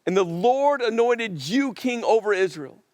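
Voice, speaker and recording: A stern old prophet rebukes a king with indignant force, as a preacher puts him on. His voice rides high and slow. It rings with a long church-hall reverb. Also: lively intonation, darkish tone, clean studio sound. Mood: rebuking.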